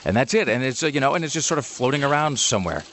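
A man's voice: medium pitch, lively intonation, racing, fairly bright tone, slight background noise. A man co-hosting a radio show, riffing on the news in a sarcastic, rambling way. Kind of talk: casual comedic chat.

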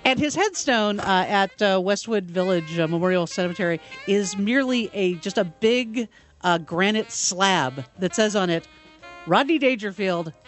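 A woman's voice: medium pitch, moderate pace, faint music behind. Lady cohost reading off fun facts, lots of uh's, easygoing. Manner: relaxed, reads off facts with hesitant fillers. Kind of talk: casual chat.

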